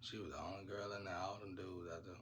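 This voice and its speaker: Low-voiced man telling rambling stories. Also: little pitch movement, fast talker, fairly bright tone, slight background noise. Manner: rambling, laughs often, slangy. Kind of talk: casual storytelling.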